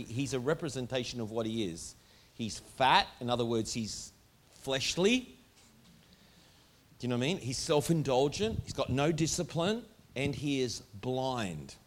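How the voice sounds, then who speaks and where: A man preaching a sermon to a congregation in a church, emphatic and driving home his points with repeated rhetorical questions. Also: medium pitch. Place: church hall before a congregation.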